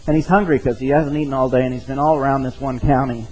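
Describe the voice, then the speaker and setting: A man's voice: medium pitch, fairly even intonation, quick pace, a little mellow, poor audio. A man preaching an earnest sermon, mixing scripture readings with a folksy story. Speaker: pastor.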